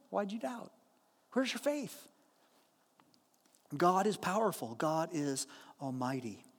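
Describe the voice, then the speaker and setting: A man preaching a sermon, telling a story earnestly and animatedly, with slow emphatic lines. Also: high-pitched, in a large hall. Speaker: pastor.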